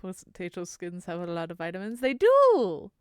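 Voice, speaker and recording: A woman's voice: fairly low pitch, wildly swooping pitch, normal speed, clear, resonant tone, dry recording, studio quality. A woman streamer chatting casually with her viewers, doting and playful, with cutesy internet slang. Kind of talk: casual live-stream chat, reading chat.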